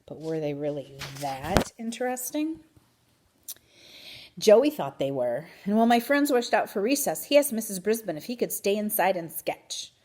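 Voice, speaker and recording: A woman reading a children's book aloud in an expressive, animated way. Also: medium pitch, moderate pace. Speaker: reader. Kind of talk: storybook read-aloud.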